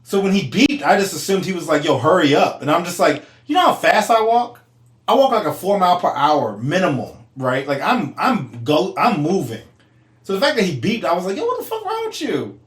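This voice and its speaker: A young man co-hosting a casual podcast, telling a story with lively acted-out quotes and frequent laughter. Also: a little fast. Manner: animated, acts out quotes with big pitch jumps, laughs often. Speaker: podcast co-host. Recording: echoey room.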